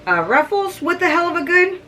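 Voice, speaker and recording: Extremely high in pitch with big swings, this middle-aged food vlogger talks fairly quickly in a pushed, bright voice. She chats casually to camera while tasting and reviewing snacks, humming and chewing between bites. Recording is via a distant mic with faint background noise.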